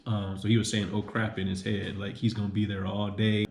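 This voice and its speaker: Lowish-voiced young man rambling in an echoey room. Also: monotone, fairly quick, creaky, darkish tone, slight background noise. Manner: rambling, repeats himself, many "um"s. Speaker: vlogger. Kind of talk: casual vlog monologue.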